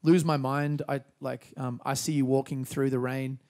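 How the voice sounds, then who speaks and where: A young man with an Australian accent, a musician guest talking in a relaxed, rambling way with lots of fillers. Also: mid-range voice, moderate pace. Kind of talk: casual interview chat.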